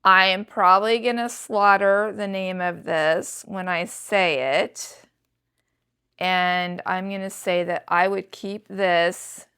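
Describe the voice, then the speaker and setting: Slow, smooth-voiced woman in her sixties. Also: mid-range voice, steady tone, fairly bright tone. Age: 60s. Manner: chatty, enthusiastic show-and-tell to viewers. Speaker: thrift reseller vlogger. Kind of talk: casual haul vlog.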